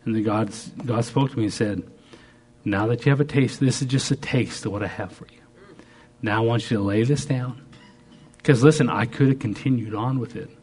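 A man preaching a sermon, telling stories with bursts of excitement and quiet asides. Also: medium pitch, fairly quick, breathy edge.

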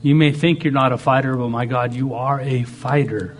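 Male pastor, sermon delivery, husky tone, dramatic swings, acts out quoted voices. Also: mid-range voice, fairly even intonation, normal speed. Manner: preaches with dramatic shifts, acting out quoted voices.

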